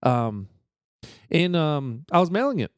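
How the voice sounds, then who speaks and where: A man's voice: a little high, big pitch swings, a little slow, smooth, no room sound, studio quality. Rambling, swearing podcast guy. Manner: rambling, profane storyteller with many restarts. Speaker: podcast co-host. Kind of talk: casual chat, storytelling.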